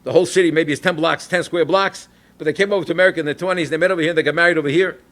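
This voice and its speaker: Man, rabbi, storytelling talk, animated, high-pitched, bright voice. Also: racing. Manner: animated, anecdotal, Yiddish and Hebrew terms. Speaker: rabbi and educator.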